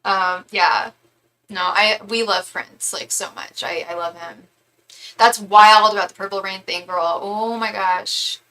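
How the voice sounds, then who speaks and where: Young woman, bright and chatty, livestream host, gushes, restarts a lot, webcam mic at home. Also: medium pitch, steady tone, unhurried, low-quality recording. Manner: chatty and gushing, many fillers and restarts. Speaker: tarot reader and psychic livestream host. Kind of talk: casual livestream chat reading comments.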